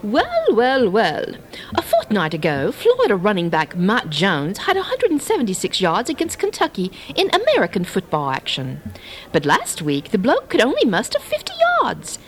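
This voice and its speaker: A woman's voice: medium pitch, huge pitch swings, moderate pace, pitched below the performer's own voice. A woman putting on a hammy fake British accent as a posh duchess, speaking in an overly proper, stumbling way. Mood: pompous. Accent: put-on British.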